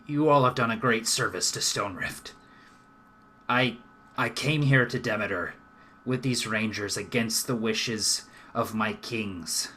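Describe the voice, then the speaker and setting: A man voicing an earnest, proud male dwarf leader in a tabletop game who talks gruffly and says "aye". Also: lowish voice, unhurried, bright, forceful tone, slight background noise. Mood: solemn.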